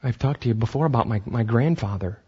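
A man preaching a sermon as pastor, animated, acting out voices and often restarting his sentences. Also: mid-range voice, fast talker, husky, highs cut off.

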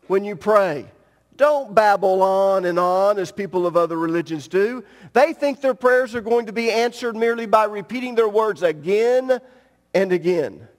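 Middle-aged male pastor, high voice, direct emphatic sermon delivery, long reverb from a church hall. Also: normal speed.

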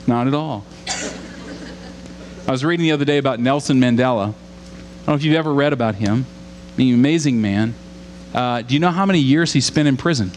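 A man from Louisiana preaching a sermon, earnest and questioning the congregation, building to emphatic repetition. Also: medium pitch. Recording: long hall reverb with faint hum.

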